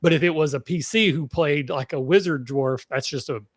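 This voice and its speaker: Rambling casually and animatedly, a Kentucky-accented man fills his talk on a tabletop gaming podcast with lots of fillers as a panelist. The sound is clean studio quality with no echo, and his voice sits on the high side at normal speed.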